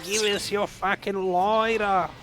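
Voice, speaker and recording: A crude, rowdy bogan bloke, put on by a man hollering at his mate in a broad Australian accent. The voice is pushed well above his usual pitch and sounds shouted from a distance. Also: little pitch movement, slow, music in the background.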